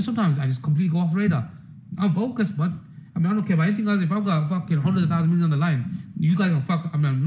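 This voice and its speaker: A man's voice: a little high, mellow, low-quality recording. A man hosting a members' market stream, rambling, swearing and repeating himself in a casual rant.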